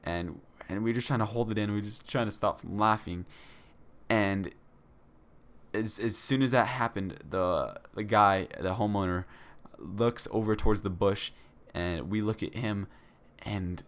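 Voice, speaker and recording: A young man talks straight to his audience in a low, smooth voice. He rambles through a casual story, stacking fillers and restarting his sentences as he goes. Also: unhurried. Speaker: vlogger.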